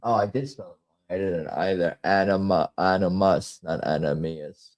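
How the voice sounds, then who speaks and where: A man's voice: sits low, moderate pace, darkish tone, dry recording. A man hosting a casual livestream, rambling and muttering to himself as he types up a poll. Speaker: host.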